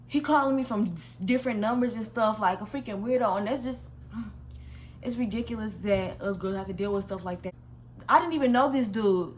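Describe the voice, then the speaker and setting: A young woman from Missouri retells a story on her vlog in a slangy, animated way, full of quick restarts and exasperation. Her voice sits a little high, with a faint hiss underneath. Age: young adult. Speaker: vlogger. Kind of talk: casual storytime.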